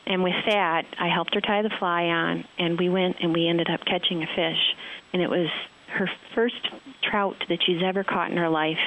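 A woman's voice: on the low side, steady tone, moderate pace, a bit bright, highs cut off. A woman fly fishing guide telling a heartfelt story in conversation, rambling and emotional with many fillers.

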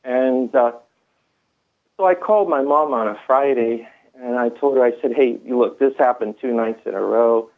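Over a phone line, a man with a mid-range voice tells his own story at a moderate pace. His first-person account rambles, packed with fillers and restarts.

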